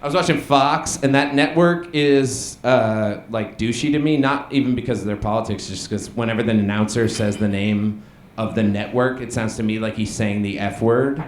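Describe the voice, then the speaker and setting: A young man doing a deadpan observational stand-up comedy set on a small bar stage, with some crowd work. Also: fairly low pitch, normal speed, a little hiss or hum. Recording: echoey bar room with ambience.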